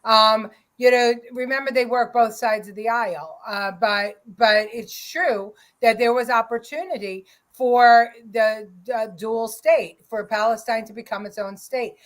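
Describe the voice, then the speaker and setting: A woman's voice: on the high side, measured pace, hardly any pauses. A woman hosting a live political talk show, speaking casually with hesitations as she sets up a clip.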